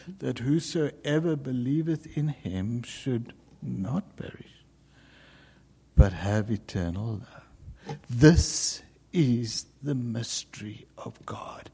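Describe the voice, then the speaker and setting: A man preaching a sermon, telling a story dramatically, with sudden loud calls and hushed, whispered passages. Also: medium pitch, animated, slow, creaky, slightly rough.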